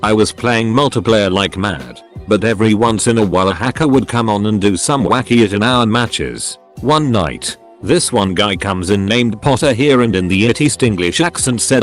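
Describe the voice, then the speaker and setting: A man narrating scripted funny online stories in a lively storytelling manner. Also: lowish voice, moderate pace, few pauses, faint music behind.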